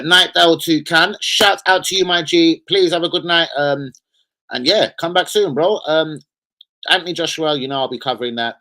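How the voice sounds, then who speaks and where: A young man, hosting a loose, sweary live stream and shouting out his viewers. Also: mid-range voice, poor audio. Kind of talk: casual live stream chat.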